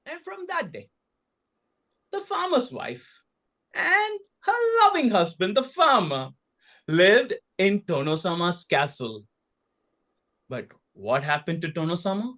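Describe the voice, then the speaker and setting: A man from India, telling a folktale slowly and expressively with dramatic pauses. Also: high-pitched, big pitch swings, sharp tone. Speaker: storyteller.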